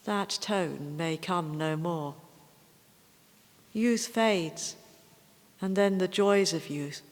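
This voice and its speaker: A woman giving a poetry recital, reading each poem in a slow, measured way, with hesitant, chatty remarks between them. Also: fairly low pitch. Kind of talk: poetry recital with casual asides. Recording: long hall reverb.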